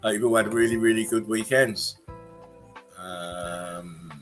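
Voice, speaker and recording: A man hosting a casual livestream chat, relaxed and rambling as he greets viewers and laughs between remarks. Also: fairly low pitch, takes it slowly, music in the background. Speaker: livestream host.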